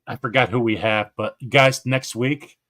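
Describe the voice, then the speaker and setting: Excitable man hosting a live stream. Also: medium pitch, moderate pace. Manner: excitable, laughs often, stumbles over names. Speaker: host of a gardening live stream. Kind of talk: casual live-stream chat.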